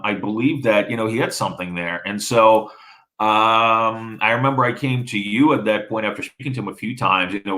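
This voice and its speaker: A man's voice: on the low side, a bit bright, rough recording. A man from the former Soviet Union whose first language is Russian, telling a story in casual conversation with many fillers and restarts. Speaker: interviewee.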